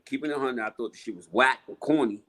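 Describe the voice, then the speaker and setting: A man's voice: mid-range voice, fast. Brief: New man, rap guest, blunt storyteller, plain mid voice. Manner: blunt, profane, animated storyteller. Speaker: rapper guest. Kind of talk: casual storytelling interview.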